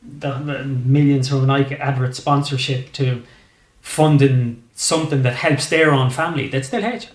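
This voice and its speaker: A man's voice: mid-range voice, fairly even intonation, moderate pace, echoey room. An Irish man, a comedian guest on a podcast, telling rambling stories in casual chat and swearing freely. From Ireland.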